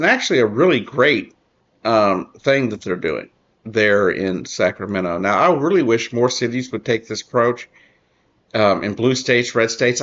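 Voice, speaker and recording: Earnest halting man reading news aloud. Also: mid-range voice, fairly bright tone, dull audio. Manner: earnest, halting, many restarts and fillers. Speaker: political commentary host. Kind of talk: casual commentary reading an article.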